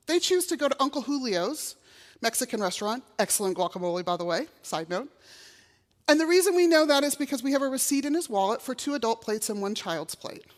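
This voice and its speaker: A woman's voice: sits high, lively intonation, a little fast. A middle-aged woman from Texas, giving a personal testimony in a chapel and acting out the voices she quotes. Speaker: chapel speaker. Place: college chapel. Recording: long reverb of a chapel hall.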